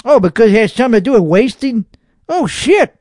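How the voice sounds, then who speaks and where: A man's voice: extremely high pitch, big pitch swings, a little fast, a little mellow, dry recording, studio quality. A man with a Texan accent hosting a podcast, reacting to internet videos in rambling, profane, mock-outraged casual commentary. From Texas. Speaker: podcast host.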